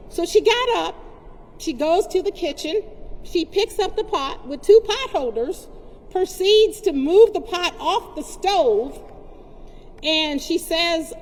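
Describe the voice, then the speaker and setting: Woman advocate, high register, impassioned press-conference address, reverberant capture. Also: expressive, slow pace. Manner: forceful, indignant, repeating points for emphasis. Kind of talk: impassioned public speech. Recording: long reverb, faint background noise.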